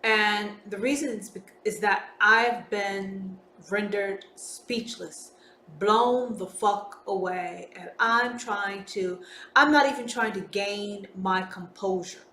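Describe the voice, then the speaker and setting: A woman hosting a solo podcast monologue, talking in an emphatic, deliberate way and swearing freely. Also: medium pitch, pushed and bright. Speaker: podcast host. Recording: roomy with faint background noise.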